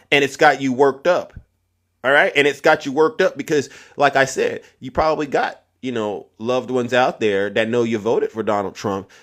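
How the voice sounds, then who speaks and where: Taunting male livestream host. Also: medium pitch. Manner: mocking, repetitive, taunting callers. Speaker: live stream host. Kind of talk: livestream political debate.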